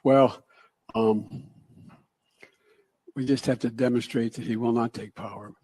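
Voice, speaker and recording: A fumbling old president with a put-on Southern drawl, as a man mocks him, stumbling over every phrase. His voice is dark, flat and a little husky. The sound is very dry and close. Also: medium pitch, dry recording, lightly acted. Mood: evasive. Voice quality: halting, full of ums and uhs. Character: mumbling elderly male president, bumbling.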